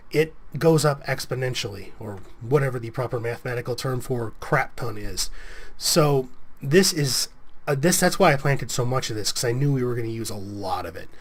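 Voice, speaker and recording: A man giving casual, rambling gameplay commentary as a let's play host, a bit sniffly with a cold coming on. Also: mid-range voice. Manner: rambling, self-correcting, chatty.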